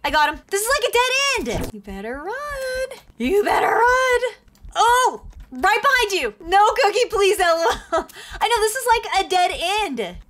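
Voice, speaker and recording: Bubbly woman game host, very high and lively voice, noisy recording. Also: moderate pace, few pauses. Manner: bubbly, gasping, squealing reactions. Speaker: gaming video host. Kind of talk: excited gameplay commentary.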